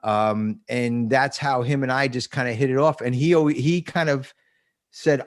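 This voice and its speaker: A man's voice: medium pitch, steady tone, normal speed. A man in his fifties from New Jersey, a podcast guest talking about recovery in a blunt, profane way and laughing often. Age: 50s. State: emotional. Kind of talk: casual recovery interview.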